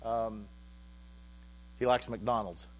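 A male pastor preaching a sermon in a halting, heartfelt way, often repeating words as he restarts. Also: on the low side, slight background noise.

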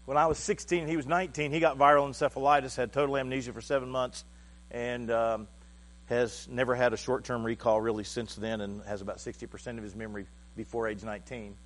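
A male pastor preaching a sermon in a halting, heartfelt way, often repeating words as he restarts. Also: medium pitch, flat delivery.

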